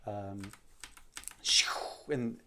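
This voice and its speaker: A male animator talking casually through a rough storyboard in a rambling, self-deprecating way. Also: on the low side, steady tone, extremely slow, mellow, a little hiss or hum.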